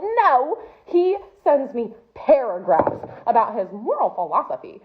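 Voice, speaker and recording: Young woman ranting, exasperated and incredulous, bouncy highish voice, sounds like it's through a phone. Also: big pitch swings, moderate pace, few pauses, narrow, tinny audio. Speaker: comedic storyteller. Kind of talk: comedic rant to camera.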